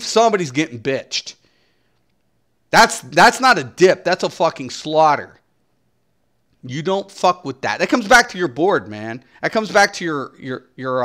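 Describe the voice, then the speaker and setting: A man's voice: fairly high pitch, a bit bright. A man streaming and ranting commentary in a blunt, profane, swaggering way. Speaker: game streamer.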